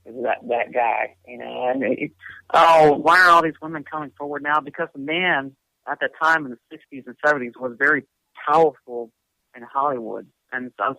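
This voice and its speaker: A man's voice: mid-range voice, pushed and bright, dry recording, poor audio. A man co-hosting a casual radio talk show, blunt and outspoken, swearing and repeating himself. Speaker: co-host.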